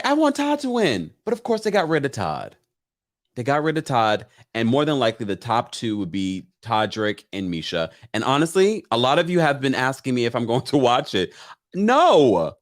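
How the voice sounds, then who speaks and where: Animated man chatting on a livestream. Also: on the high side. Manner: animated, chatty, reads viewer comments aloud. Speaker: live-stream recap host. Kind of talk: casual livestream chat.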